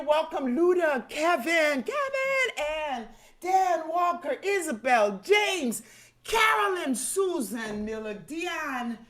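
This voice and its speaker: A woman hosting a livestream singing program, exuberantly whooping and greeting viewers one by one by name over a video call. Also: sits high. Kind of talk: lively livestream welcome.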